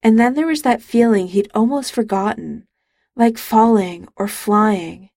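A woman narrating a romance audiobook in calm, even storytelling, recorded on a close studio mic. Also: mid-range voice, a little slow, no echo.

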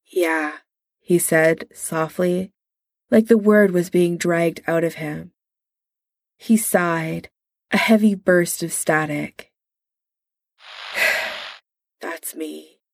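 A woman reading a story aloud in a calm, measured way. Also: lowish voice, no echo, clean studio sound. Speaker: narrator.

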